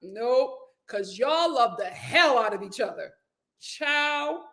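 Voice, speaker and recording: A young woman hosts an informal live stream at a slow pace, her pitch fairly high. She reads her viewers' comments aloud and keeps the chat animated, laughing frequently.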